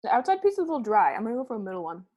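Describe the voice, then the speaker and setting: A woman co-hosting a casual eating show, upbeat and quick to react. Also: a little high, very animated, dark tone, muffled recording. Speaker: co-host. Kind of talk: casual chat while eating.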